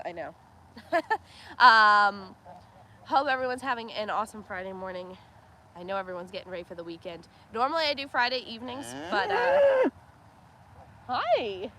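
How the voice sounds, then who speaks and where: A woman hosts a casual homestead livestream outdoors beside a cow pen, her camera on a tripod, chatting, laughing often and cooing at the animals. Her voice is a little high, pushed and bright. The recording is rough, with a little hiss or hum.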